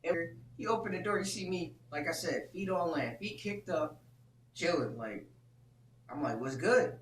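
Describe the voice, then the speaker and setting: Man, thirties, casual storytime host, swearing and slangy, lively pitch, bright tone, echoey room with the mic set back. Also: normal speed, recorded from a distance, slight background noise. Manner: animated, profane, slangy storytelling.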